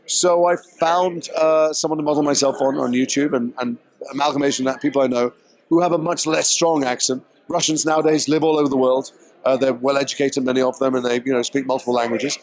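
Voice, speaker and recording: A man's voice: medium pitch, steady tone, fast. A man being interviewed as an actor at a red carpet premiere, explaining his work in a thoughtful, articulate way.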